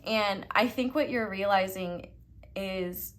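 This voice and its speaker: A young woman giving a casual, encouraging tarot reading straight to her viewers, talking warmly and loosely with plenty of "like" and "um". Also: medium pitch, slow. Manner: chatty, encouraging, lots of fillers like "like" and "um". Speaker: tarot reader.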